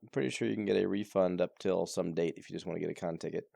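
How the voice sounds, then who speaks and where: A man's voice: deep voice, fairly even intonation, racing, vocal fry, dark tone, dry recording, studio quality. A man co-hosting a podcast in casual chat, matter-of-fact and listing dates. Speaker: podcast co-host.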